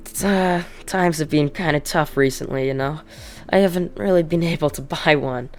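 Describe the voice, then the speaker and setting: Woman doing Izuku, a low casual ghoul boy. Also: normal speed, darkish tone, soft background music, close to an everyday voice. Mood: weary. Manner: casual, offhand threats. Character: teen boy ghoul, calm and coldly menacing.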